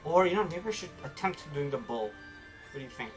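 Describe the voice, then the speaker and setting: Excitable male streamer chatting to viewers mid-game; animated, fairly high voice, soft game music underneath. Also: fairly quick. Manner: excitable, talks to viewers while playing. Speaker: gaming streamer. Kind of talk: casual let's-play commentary.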